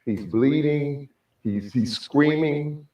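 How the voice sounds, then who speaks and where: A man tells a painful personal story as an interview guest. He speaks in an earnest, halting way and often repeats his words. The clip sounds roomy and a little distant. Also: fairly high pitch, darkish tone.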